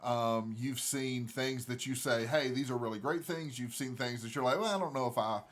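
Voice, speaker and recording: A man's voice: mid-range voice, moderate pace, a bit bright. A man hosting a casual interview who asks meandering questions with many restarts. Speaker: interview host.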